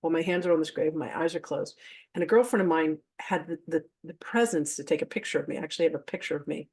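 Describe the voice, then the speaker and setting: Speaking fast in a low, husky voice with a darkish tone, a woman teaches a spiritual masterclass and addresses her audience directly. Her talk is chatty and candid, weaving personal stories into the teaching, with frequent laughter and casual swearing.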